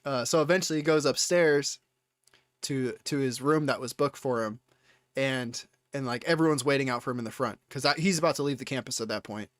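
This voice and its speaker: A young man streaming live, telling a story in a rambling, excitable way, with many restarts and casual swearing. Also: mid-range voice, a little fast, no room sound, studio quality.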